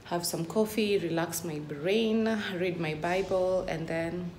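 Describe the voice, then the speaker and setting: A woman's voice: fairly low pitch, slow, darkish tone. A young woman vlogging casually at home, ranting in exasperation with lots of emphatic "literally". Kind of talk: casual vlog monologue. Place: indoors at home. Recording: echoey room, faint ambient noise.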